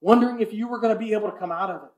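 A man preaching a sermon as pastor, swinging between hushed, intimate lines and loud, impassioned ones. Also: high-pitched, racing, echoey room, dull audio. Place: church sanctuary.

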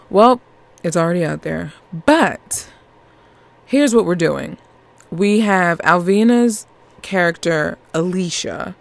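A woman's voice: on the low side, gravelly. A woman hosting a podcast, chatting casually and animatedly as she reviews a movie, laughing often. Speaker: podcast host.

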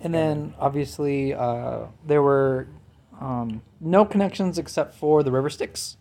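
A man's voice: medium pitch, measured pace, mellow. A young man co-hosting a casual podcast chat, jokey and loose, laughing often. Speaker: podcast co-host.

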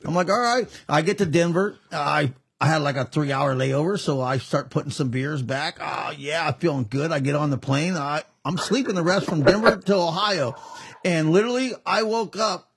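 Podcast host, male, husky, a bit high-pitched, casual and joking. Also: normal speed, a bit bright. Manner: laid-back, swears casually, laughs at his own story. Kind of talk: casual chat.

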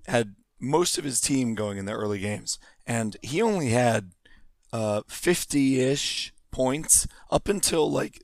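A man's voice: mid-range voice, no echo, clean studio sound. A man co-hosting a podcast in casual chat, teasing and sarcastic. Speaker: podcast co-host.

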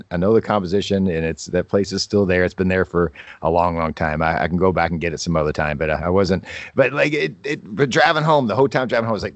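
A man with a gravelly, very low voice talks casually on a podcast. He rambles and restarts his sentences often. The sound is dry and close, with no room around it. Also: no echo. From Kentucky, USA. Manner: rambling, with frequent restarts and chuckles. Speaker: podcast co-host. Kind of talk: casual chat.

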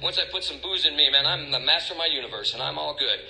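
A man's voice: a little high, animated, quick pace, vocal fry, bright, forceful tone. A man telling his own recovery story candidly, with blunt, self-mocking humor. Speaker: speaker sharing a recovery story. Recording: echoey room.

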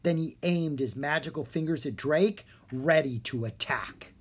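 A narrator reading a children's fantasy book aloud with steady storytelling. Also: medium pitch, measured pace, breathy edge. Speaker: audiobook narrator.

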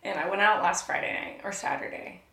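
A woman's voice: mid-range voice, steady tone, fairly quick, sharp tone, roomy sound. A young woman chatting casually and telling a story, laughing and swearing a lot. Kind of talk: casual chat.

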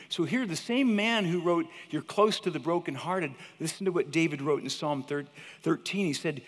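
A man in his fifties, a teacher giving a chapel talk, who tells stories in an animated, chatty way and keeps calling the listeners "you guys". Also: fairly high pitch, moderate pace. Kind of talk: storytelling sermon. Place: large hall with an audience. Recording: long hall reverb.

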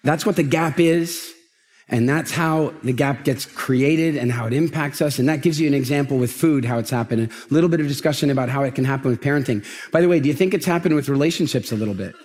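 A man's voice: medium pitch, quick pace. A middle-aged man giving a motivational talk on a stage, telling stories and asking the audience questions. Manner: animated storytelling, asks the audience questions. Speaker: motivational speaker. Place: large event stage with an audience.

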